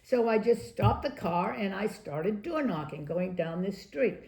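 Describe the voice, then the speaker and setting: An older woman from Maryland, a former political candidate being interviewed, telling anecdotes in a lively storytelling way and acting out the quotes. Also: mid-range voice, a little slow. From Maryland, USA. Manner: lively raconteur, acts out quotes, laughs often. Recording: echoey room.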